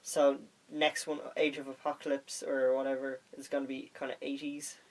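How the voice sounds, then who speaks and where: A man's voice: medium pitch, level tone, normal speed, a little mellow, poor audio. A man guesting on a podcast in casual chat, laid-back and giving short remarks.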